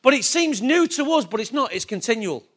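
A pastor preaching to his congregation in a strikingly high voice for a man. He keeps asking his listeners questions and leans hard into his key points, sometimes rising almost to a shout. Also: big pitch swings, fairly quick. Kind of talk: sermon.

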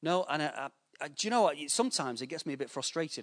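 A man's voice: fairly high pitch, fast. A man preaching a sermon to a church, telling anecdotes and acting out the voices in them. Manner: storytelling with lively voiced anecdotes. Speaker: pastor.

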